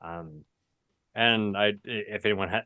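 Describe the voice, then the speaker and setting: A man's voice: fairly low pitch, slow, pushed and bright, no room sound. A man hosting a live tabletop game over a video call, talking loosely with many fillers and restarts. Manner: rambling, filler-heavy, self-correcting. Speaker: game master and host. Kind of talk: casual chat opening a live tabletop show.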